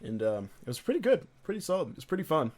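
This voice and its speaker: A man's voice: fairly high pitch, sing-song, quick pace, a little mellow. Young man telling rambling stories. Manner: rambling storyteller, laughs often. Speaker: podcast co-host. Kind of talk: casual chat.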